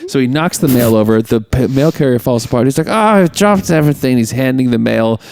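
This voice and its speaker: A man's voice: mid-range voice, fairly even intonation, brisk, vocal fry, mellow, dry recording. A man co-hosting a podcast, chatting casually about a film and animatedly retelling its scenes. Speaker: podcast co-host. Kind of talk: casual movie chat.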